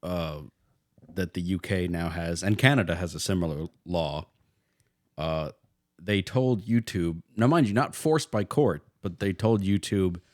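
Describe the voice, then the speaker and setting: A man's voice: sits low, no room sound, clean studio sound. A man co-hosting a casual podcast, blunt and wisecracking. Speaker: podcast co-host. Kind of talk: casual chat.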